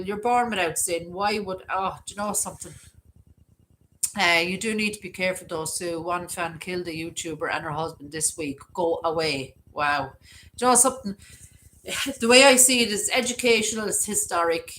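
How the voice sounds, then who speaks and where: A woman's voice: on the low side, normal speed, a bit bright, slight background noise, rough recording. A middle-aged Irish woman hosting a live stream, chatting casually and reading viewer comments aloud. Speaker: livestream host.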